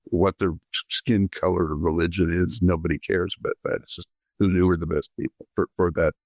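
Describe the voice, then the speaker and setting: Man, very low voice, dry close sound, measured political commentary, halting restarts. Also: fairly even intonation, a little mellow, no echo. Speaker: guest author.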